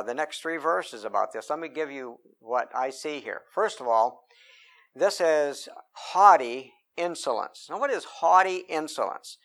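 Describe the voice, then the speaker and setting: A man preaching a sermon, reading scripture slowly and with emphasis between plainly spoken remarks with many fillers. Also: mid-range voice, vocal fry, fairly bright tone.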